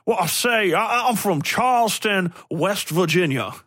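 A man's voice: sits high, expressive, unhurried, a bit bright, breathy edge, no room sound, clean studio sound, pitched above the performer's own voice, exaggerated voice. A man mimicking a bumbling book character who fakes a rural drawl in a hesitant, hammy way.

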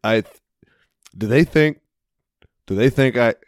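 A man's voice: medium pitch, slow, dry recording, studio quality. A man co-hosting a podcast, chatting casually and joking in a rambling way. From United States. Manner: jokey, rambling, laughs often. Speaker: podcast co-host. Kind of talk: casual chat.

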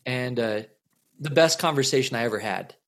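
Speaking at normal speed with a fairly bright tone and average mid pitch, a musician in his thirties tells a long story as an interview guest. It's casual storytelling, rambling and circular, heavy on repeated words and fillers.

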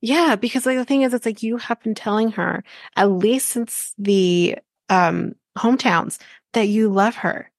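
A woman's voice: medium pitch, unhurried, no echo, clean studio sound. Blunt, swearing woman podcast host. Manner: blunt and exasperated, swears freely. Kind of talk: casual chat recapping a reality show.

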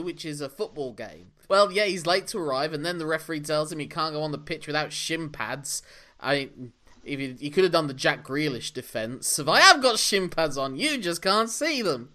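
Bright-voiced sarcastic podcaster. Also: mid-range voice. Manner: sarcastic, laughs often, swears in mock frustration. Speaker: podcast co-host recapping a film. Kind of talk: casual comedic chat.

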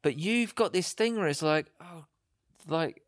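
A man's voice: fairly high pitch, animated, measured pace, no echo. A man co-hosting a podcast in casual chat, teasing and jokey with dry sarcasm. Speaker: podcast co-host.

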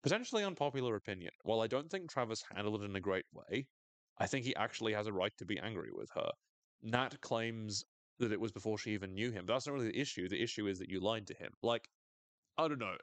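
A British man co-hosting a podcast, talking through a TV episode in a loose, sweary, joking way. His voice sits low but swings up and down a lot. The recording is dry and close. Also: quick pace, no echo. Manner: animated and sweary, jokes often. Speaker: podcast co-host. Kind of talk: casual recap chat.

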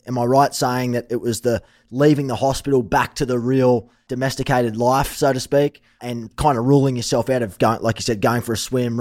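An Australian man hosting a podcast who asks questions in a casual, enthusiastic and sweary way. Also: mid-range voice. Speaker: podcast host. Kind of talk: casual interview.

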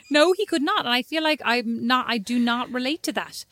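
A woman's voice: a little high, lively intonation, fairly quick, a bit bright, no echo. An Irish woman co-hosting a casual chat, reacting with mock outrage and playful banter. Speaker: podcast co-host.

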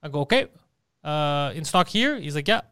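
A man from co-hosting a podcast, telling an animated, profane story and acting out both sides of the argument. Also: a little high, moderate pace, clean tone. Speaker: podcast co-host. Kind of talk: casual storytelling chat.

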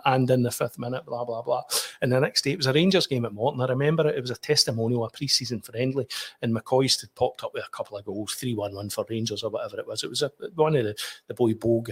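A middle-aged Scottish man spins long, rambling stories, stumbling over restarts and peppering them with "you know". He speaks at an ordinary mid pitch, chatting as a podcast guest. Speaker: sports journalist, guest. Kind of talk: anecdotal podcast chat.

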